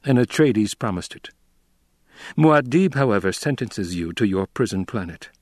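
A man voicing a resolute young ruler who speaks firmly and deliberately. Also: on the low side, animated, a little mellow, no echo, studio quality. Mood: commanding. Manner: firm, deliberate. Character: commanding young male ruler, cold and resolute.

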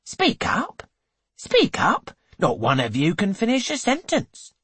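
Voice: mid-range voice, sing-song, takes it slowly, slightly rough, no echo, exaggerated voice. A reader voicing a well-off husband who dotes on his wife and blusters at his guests, in an audiobook. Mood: blustering. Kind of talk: audiobook character reading.

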